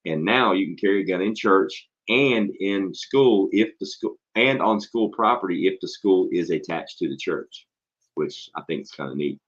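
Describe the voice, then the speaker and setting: This is a blunt man with a low, deep voice who swears freely and tells stories with animated energy. He is a schoolteacher chatting on a casual show. The recording sounds dull and lo-fi. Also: normal speed. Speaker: podcast host and school teacher. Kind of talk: casual profane chat.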